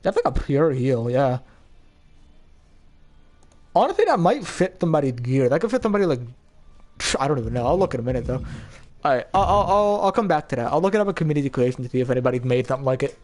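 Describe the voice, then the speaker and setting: A man's voice: medium pitch, fast talker, long pauses. Young guy doing casual game commentary, hyped and chatty, voice jumps around a lot. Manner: excitable, chatty, laughs often. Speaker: gaming YouTuber.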